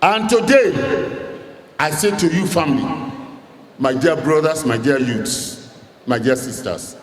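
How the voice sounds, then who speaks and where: A man's voice: a little high, expressive, slow. A man giving a rousing, emphatic rally speech as a campaign director general, calling out to the crowd. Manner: rousing, emphatic oratory with crowd call-outs. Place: large hall at a rally. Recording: echoey hall recording with faint ambience.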